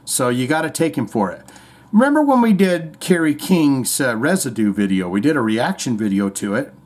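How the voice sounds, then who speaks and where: Animated, sarcastic male podcast host. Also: mid-range voice, moderate pace. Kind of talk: comedic commentary on played clips.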